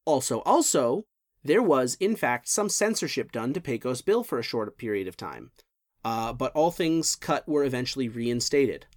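Jokey podcast cohost talking old movie trivia, gets loud and squeaky when fired up, dry sound. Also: moderate pace, no room sound. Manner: animated, jokey, pitch jumps up when excited. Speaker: podcast co-host. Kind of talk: casual chat about film history.

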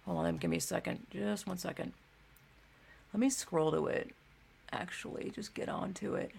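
A young woman hosting a casual livestream, speaking in a low, gravelly voice. She rambles, swears freely, and fills her pauses with ums and likes, like someone talking at her desk mic. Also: a little mellow. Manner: rambling, profane, filler-heavy. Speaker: livestream host.

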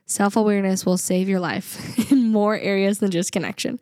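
In clean, dry studio sound, this podcast co-host talks at a normal speed in a steady, mid-range voice with a slightly mellow quality. She's a young adult woman chatting casually, earnest and reflective, with frequent laughter.

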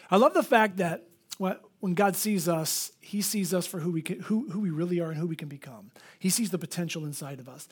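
Animated high-voiced male pastor. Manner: animated storytelling, acts out quoted voices. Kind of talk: preached sermon. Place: church.

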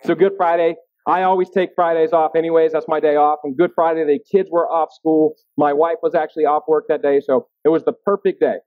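A man's voice: on the high side, level tone, a little fast, no echo. A man in his thirties preaching a sermon in a casual, self-deprecating way, often checking in with the room. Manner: self-deprecating, conversational, asks the room "right?". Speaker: pastor. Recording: dry, phone-like narrow sound.

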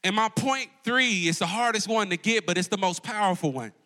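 Brisk, high, and pushed bright, a campus pastor's delivery fills a church auditorium during a live sermon. He calls out to the congregation and raises and lowers his voice to drive points home in call-and-response fashion.

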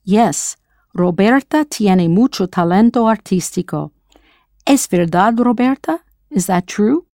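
A woman leads a scripted audio language lesson and keeps quizzing the listener in a light, playful way. Her voice sits at a middle pitch, and the recording is dry and close with no room sound. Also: animated, measured pace, warm tone, no echo. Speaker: language teacher.

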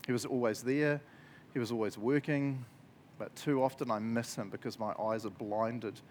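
A man's voice: mid-range voice, slight background noise. Chatty New man preaching. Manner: chatty, animated, laughs often, many fillers. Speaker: pastor. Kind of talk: casual sermon.

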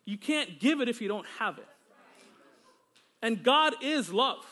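A man's voice: very high-pitched, animated, a little slow, bright, forceful tone. A male pastor preaching a sermon during a church service. He is fervent and exclamatory, breaking into praise often and joking casually with the congregation.

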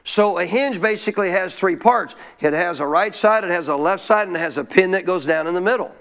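His voice high, a bit bright, and a little fast, a man leads a church sermon as pastor. He reads from scripture and invites his congregation to answer his questions out loud in call-and-response fashion.

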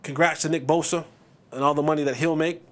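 High-voiced man ranting about sports. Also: quick pace. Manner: passionate, animated rant with repeated restarts. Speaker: podcast host. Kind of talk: casual sports commentary.

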